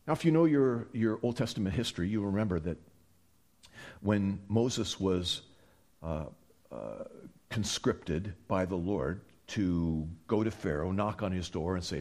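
A man preaching a sermon, animated and emphatic, often restarting his phrases as he explains. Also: on the low side, measured pace.

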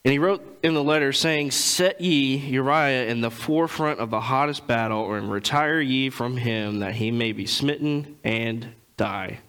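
A man preaching a sermon, reading scripture and retelling it in casual everyday speech, clearing his throat often. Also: mid-range voice, measured pace, few pauses, fairly bright tone, poor audio.

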